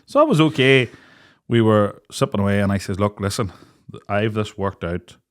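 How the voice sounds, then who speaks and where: Man, young, podcast co-host, low voice, animated storytelling, laughs a lot. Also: normal speed. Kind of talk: casual storytelling chat.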